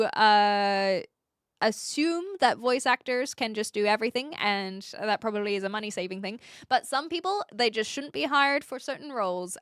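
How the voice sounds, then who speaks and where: A woman chats loosely through viewer comments on her stream, giggling often as she rambles. Her voice sits a little on the high side. The sound is dry, with no room echo. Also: fairly bright tone. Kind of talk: casual chat reading viewer comments.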